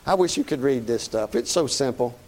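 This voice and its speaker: A man's voice: medium pitch, expressive, fairly quick, darkish tone. A man preaching a sermon in a folksy, conversational way, often asking "Amen?".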